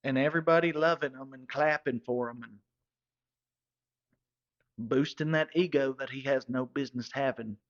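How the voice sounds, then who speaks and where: Man, mid pitch, rambling comic storyteller, slightly muffled lo-fi sound. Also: fairly even intonation, moderate pace, pauses often. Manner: rambling, drawling, self-correcting. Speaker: comedic storyteller in character. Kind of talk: comedic monologue.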